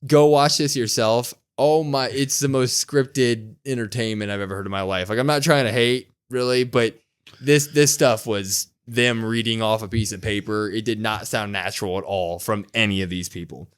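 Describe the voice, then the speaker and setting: A man's voice: fairly low pitch, normal speed, clear, resonant tone. Casual young man recapping wrestling. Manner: animated recapping, quotes wrestlers in raised voice. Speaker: podcast co-host. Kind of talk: casual wrestling review chat.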